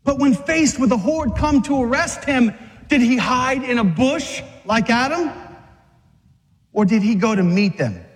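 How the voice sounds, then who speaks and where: High-voiced man preaching in an echoing hall. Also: expressive, unhurried. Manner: urgent and exhorting, acting out scenes. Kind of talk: fiery sermon. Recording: long reverb of a large hall.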